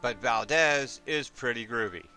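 Man, playful let's play commentary, bright voice, faint music behind. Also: mid-range voice, measured pace. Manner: playful, chatty. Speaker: gameplay host.

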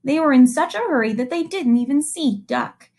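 With a high pitch and some vocal fry, this young teacher reads a picture book aloud to kids at a moderate pace. She tells it expressively and keeps asking the children questions.

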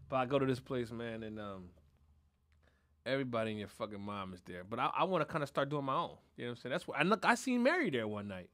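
Animated, bright-voiced male podcast host. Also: on the low side, fast. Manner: animated storytelling, heavy cursing and laughter. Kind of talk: casual podcast chat.

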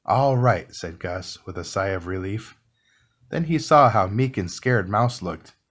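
Man reading a bedtime storybook softly. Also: low-pitched, lively intonation. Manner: soft, slow and relaxing. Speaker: storybook reader.

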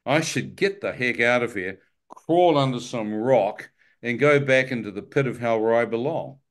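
A man's voice: mid-range voice, animated, normal speed. A man sharing his personal testimony with a live church audience, telling it vividly and with self-mocking humor.

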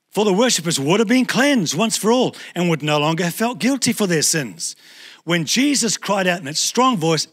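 Animated New Zealand pastor preaching. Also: male voice, high voice. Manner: conversational, animated preaching with acted asides. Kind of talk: sermon.

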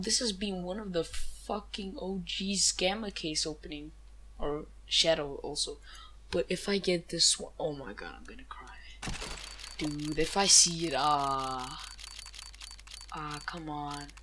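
A woman hosting a gaming channel, giving excited case-opening commentary, gasping, exclaiming and swearing freely. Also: low voice, slight background noise.

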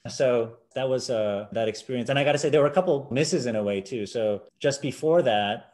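A man in his forties, a podcast guest telling casual stories and acting out the people in them with jumps in his voice. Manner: animated, acts out quoted voices with big pitch jumps. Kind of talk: casual storytelling.

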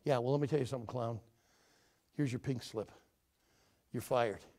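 A man's voice: mid-range voice, normal speed, warm tone, voice pushed down, natural voice. A man voicing a blunt, matter-of-fact circus manager in a joke told during a sermon. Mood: firm. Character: blunt middle-aged male circus manager.

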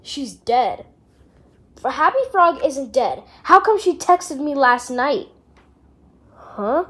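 A woman's voice: sits high, very animated, slow, fairly bright tone. Woman doing snappy bickering voices. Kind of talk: amateur character voice acting.

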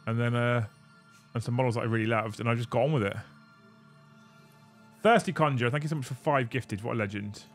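A man's voice: mid-range voice, brisk, long pauses. A man hosting a casual livestream, chatting and thanking viewers while building models. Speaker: livestream host. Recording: faint music behind.

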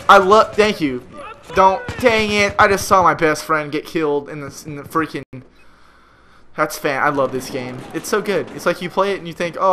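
Young guy raging over a game on his headset, high bright voice, a little background hum. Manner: frustrated, exasperated ranting with sudden loud outbursts. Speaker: gamer. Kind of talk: gameplay commentary rant.

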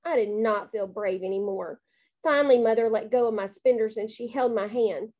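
A woman reading a children's book aloud, narrating in a bouncy, expressive child's voice. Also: fairly high pitch, normal speed, muffled recording. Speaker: audiobook reader.

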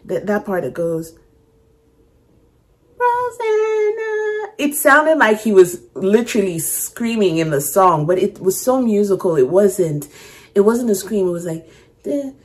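A woman music-reaction YouTuber chats casually while hearing a song for the first time, restarting sentences and humming riffs aloud. Her mid-range voice has a darkish tone and lively intonation, at a moderate pace.

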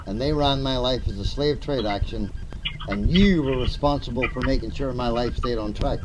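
A man's voice: mid-range voice, normal speed, background noise. Angry kiwi guy going off at his advocate, swearing, repeating himself, accusing. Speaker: complainant confronting his advocate. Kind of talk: heated confrontation.

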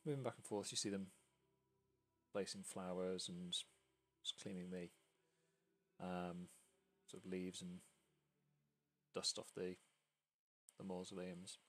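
A man's voice: deep voice, little pitch movement, slow pace, pauses often, a bit bright. A man narrating a tabletop game as game master, describing scenes with many fillers.

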